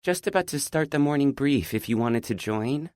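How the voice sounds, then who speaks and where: A male audiobook narrator voicing a young professional woman colleague in a brisk, businesslike way. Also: mid-range voice, animated, a little mellow, clear, resonant tone, no echo, studio quality, pitched above the performer's own voice, natural voice.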